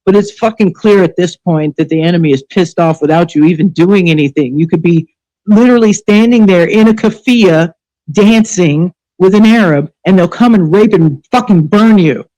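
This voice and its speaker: A woman hosts a live online show and rants in anger, swearing freely and firing off sarcastic rhetorical questions. Her voice is dark and mellow even at its most heated. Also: fairly low pitch, moderate pace, rough recording. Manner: angry, profane, sarcastic. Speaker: livestream show host. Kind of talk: ranting live commentary.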